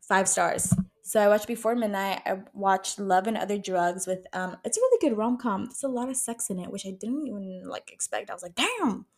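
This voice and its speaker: Woman, twenties, podcast host, casual chat, emphatic, swears a lot, mid-pitched. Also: fairly quick. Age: 20s. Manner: chatty, emphatic, swears freely, says "like" and "bro" a lot.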